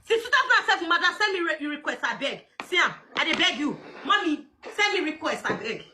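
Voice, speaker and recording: A woman with a Nigerian Pidgin accent hosting a casual livestream, loud and mocking, often laughing and shouting. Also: sits high, very animated, quick pace, a little hiss or hum. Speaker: livestream host.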